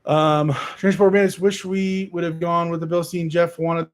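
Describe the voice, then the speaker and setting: A man hosting a casual livestream, reading viewer comments aloud and answering them in a relaxed, rambling way with plenty of fillers and restarts. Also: a little high, normal speed. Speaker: livestream host answering chat. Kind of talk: casual live chat.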